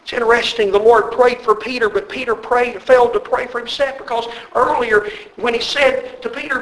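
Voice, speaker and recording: A man's voice: very high voice, steady tone, fairly quick, a bit bright, reverberant, low-quality recording. A male preacher delivering an emphatic sermon in a church, exhorting his listeners and repeating key words.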